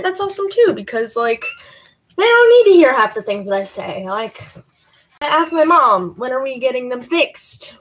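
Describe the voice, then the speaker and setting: A woman's voice: high-pitched, a little hiss or hum, low-quality recording. A teenage girl vlogging at home while bathing her kittens, rambling and self-mocking, chatting to the cats. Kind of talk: casual vlog chat.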